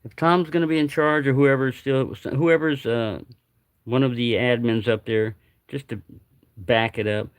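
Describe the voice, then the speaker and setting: A man's voice: mid-range voice, steady tone, unhurried, clean tone. A man hosting a casual livestream at home, rambling and joking, sometimes mumbling asides to himself. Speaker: livestream host.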